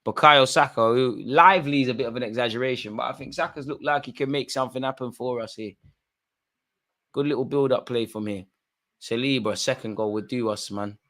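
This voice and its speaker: A man doing live football watch-along commentary. He talks in slangy banter and gets excitable, shouting at the referee. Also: medium pitch, fairly quick. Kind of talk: live match reaction commentary.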